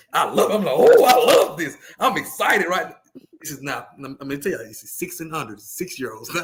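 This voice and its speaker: Man, higher-pitched and lively, casual podcast storyteller who stumbles over his words. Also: slight background noise. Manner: animated, repeats words, acts out quotes. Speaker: podcast co-host and youth football coach.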